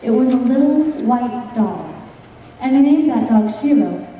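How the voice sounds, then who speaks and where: Young woman telling a story to a room full of people, playful, mellow voice, big echoey hall from far off. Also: fairly high pitch, measured pace, slight background noise. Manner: playful, animated. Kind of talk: live storytelling to an audience. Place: room with a live audience.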